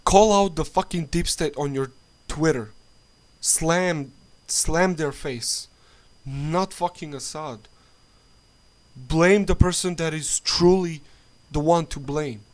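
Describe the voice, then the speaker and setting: A man delivers a heated political vlog rant in a slightly high voice. He speaks slowly, breaks off and restarts, and swears constantly out of frustration. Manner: angry, profane, halting with restarts. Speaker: political vlogger. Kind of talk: angry political rant to camera.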